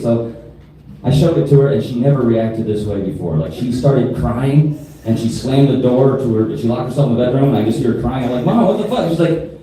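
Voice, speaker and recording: A man in his thirties works through a crude stand-up set with a deadpan delivery. His voice is very dark and mellow. It bounces around a roomy club and is picked up from some distance. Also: medium pitch, slight background noise. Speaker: stand-up comedian. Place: comedy club stage.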